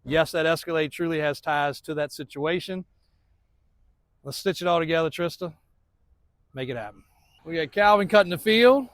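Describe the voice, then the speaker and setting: A man's voice: on the high side, moderate pace, pauses often, a bit bright, no room sound. A man in his thirties, a truck shop owner, rambling through a casual walkaround update of his lot, laughing often.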